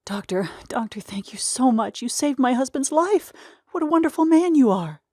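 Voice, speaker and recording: A gushing, emotional wife, voiced by a woman reading a short story, her voice rising high with gratitude. The tone is effusive and breathless with thanks. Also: animated, normal speed, warm tone, no echo, clean studio sound. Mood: grateful. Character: grateful middle-aged wife, emotional.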